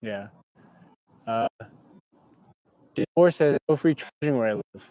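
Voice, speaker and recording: A young man from California hosts a relaxed, casual livestream from his parked car, reading viewers' comments aloud and responding as they come in. His voice is a typical middle pitch for a man, and he speaks slowly. A clip-on mic gives a close, dry sound with no room echo.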